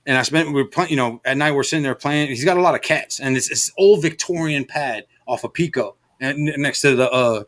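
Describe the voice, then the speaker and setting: In a relaxed chat, a middle-aged man from around Los Angeles, hosting a stream, spins out a long, meandering, profane story stuffed with fillers. He speaks at medium pitch, a little fast and with few pauses, in a fairly bright tone.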